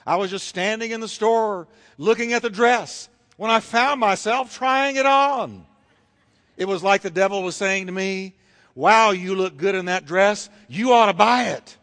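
A man's voice: sits high, unhurried, a bit bright, in a large hall. A man voicing a flustered small-town preacher's wife who pleads her case in a joke from the pulpit. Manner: exclaiming, pleading.

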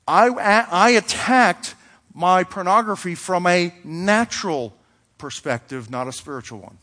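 A man with a fairly high voice preaches a sermon as if chatting with friends. He tells a homely story and slips into little acted dialogues as he goes. His voice rings out with a long echo of a hall. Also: unhurried, bright, forceful tone. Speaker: pastor.

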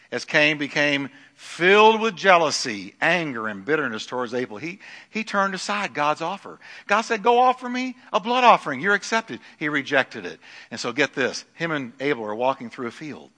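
A middle-aged man preaching a sermon in a church, swinging from loud declarations to hushed lines. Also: medium pitch. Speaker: pastor. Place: church sanctuary. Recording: long hall reverb.

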